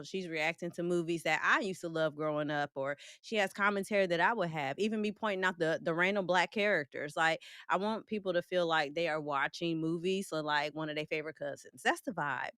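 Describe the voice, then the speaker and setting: A woman's voice: on the low side, a bit bright, clean tone, dry recording, studio quality. A woman hosting a casual livestream, greeting and answering her chat in a playful, joking way with frequent laughs and slang. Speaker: livestream host reading chat.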